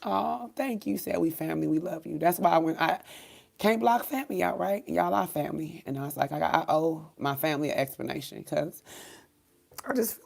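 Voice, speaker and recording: Grieving woman with a low gravelly voice. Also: a little mellow. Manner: halting, many ums, swears, faith talk. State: grieving, close to tears. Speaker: livestream host. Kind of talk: grieving livestream talk, reading comments.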